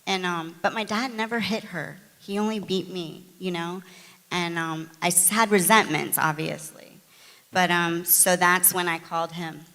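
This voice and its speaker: A middle-aged woman from the United States, candidly telling her recovery story in a chatty, animated way, full of fillers and restarts. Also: on the low side, moderate pace, big-room sound. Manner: conversational, frequent fillers and restarts, animated retelling. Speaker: guest sharing her recovery testimony.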